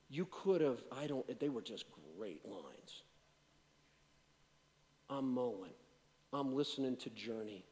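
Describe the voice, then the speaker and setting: A pastor giving a sermon, moving between loud, emphatic preaching and quiet, self-deprecating storytelling. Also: male voice, medium pitch, big-room sound.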